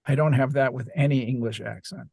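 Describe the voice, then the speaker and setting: A man's voice: medium pitch, fairly quick, gravelly, a little mellow, slightly rough, no room sound, studio quality. A male audiobook narrator in casual podcast chat, thoughtful and searching for words, often restarting his sentences.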